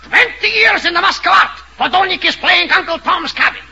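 An actor playing a pompous, boastful Russian stage actor in a mock Russian accent, grandly calling himself by name in a 1930s radio comedy. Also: male voice, very high-pitched, brisk, gravelly, sharp tone, muffled recording, exaggerated voice. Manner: grandiose, speaks of himself in third person. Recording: hissy 1930s radio recording.

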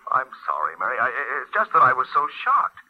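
A man's voice: mid-range voice, huge pitch swings, a little fast, husky. An actor playing a nervous, stammering young man on the telephone in a 1940s radio soap, in an old lo-fi broadcast. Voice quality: stammering, flustered.

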